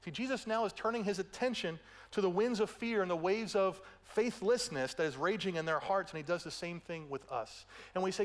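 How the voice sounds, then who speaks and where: A male pastor preaching a conversational sermon, often asking "right?" and swinging between raised emphasis and quiet, intimate asides. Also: sits high, lively intonation, brisk. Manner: conversational preaching with tag questions, swings between loud and hushed.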